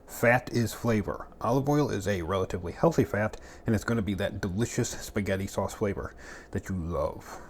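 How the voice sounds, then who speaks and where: A man's voice: lowish voice, normal speed, a little hiss or hum. A man casually demonstrating a recipe at home, chatty and joking as he talks to himself while he cooks. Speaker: home cook. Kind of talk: casual cooking demo. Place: home kitchen. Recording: clattering pans and utensils behind.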